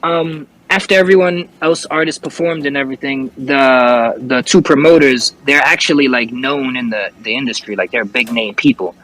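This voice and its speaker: A young man talks as an interview guest in a loose, casual way. His voice is bright and forceful, at a middle pitch for a man. He curses freely and often stops to restart his sentences as he tells his story. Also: moderate pace, hardly any pauses, low-quality recording. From New York. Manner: storytelling with frequent cursing and restarts.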